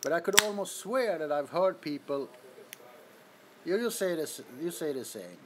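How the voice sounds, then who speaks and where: A very animated man with a fairly high voice hosts a casual livestream from his apartment bedroom at normal speed, greeting viewers and laughing often. He is sweaty from the heat, and heavy background noise fills the phone recording.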